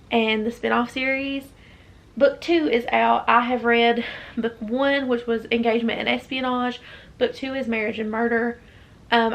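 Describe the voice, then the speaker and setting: A woman's voice: fairly high pitch, creaky, fairly bright tone, highs cut off. A young woman with a Southern US accent chatting casually as a book vlogger, rambling with many fillers and restarts. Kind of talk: casual chat.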